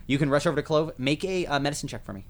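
Running a tabletop game as game master, this man talks very fast in a fairly high pitch. He rambles constantly, with lots of fillers and restarts.

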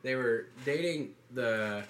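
A man's voice: mid-range voice, a bit bright, slight background noise. A young man co-hosting a casual podcast, explaining things insistently and at length. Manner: storytelling, insistent, drawn-out explanations. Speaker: podcast co-host. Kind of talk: casual chat.

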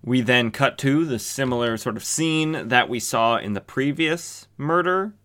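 A man's voice: medium pitch, animated, unhurried, pushed and bright. A man hosting a comic book podcast, recapping an old comic in a joking, sarcastic tone with lots of fillers.

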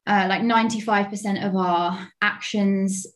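A woman's voice: mid-range voice, fairly even intonation, measured pace. A woman hosting a podcast, asking her guest questions hesitantly, with many fillers and self-corrections. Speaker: podcast host. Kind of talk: interview questions.

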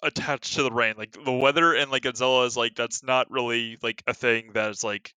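A man's voice: mid-range voice, fairly even intonation, fairly quick, sharp tone, smooth, no room sound. A man chatting casually about a monster movie, rambling with lots of filler words and a sarcastic edge.

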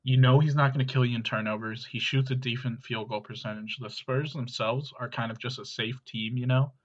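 Talking a little fast at a medium pitch, a male co-host goes over player stats on a casual fantasy basketball podcast, staying steady and analytical despite many ums. The audio sounds dull.

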